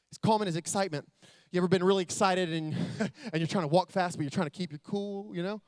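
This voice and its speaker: High-voiced man giving a convention keynote. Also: quick pace, hardly any pauses, dry recording. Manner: builds to loud excited storytelling. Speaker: motivational speaker. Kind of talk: motivational keynote speech. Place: convention stage.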